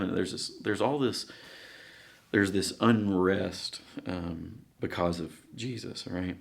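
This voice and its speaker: A man preaching a sermon in a conversational, halting way, with frequent fillers and restarts. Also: low-pitched, vocal fry.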